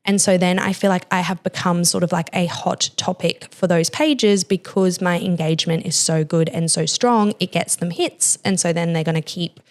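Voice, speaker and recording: A young woman hosts a podcast in a fairly low, steady voice, talking at a normal speed with almost no pauses. Her candid personal talk is emotional and confessional, packed with the filler "like."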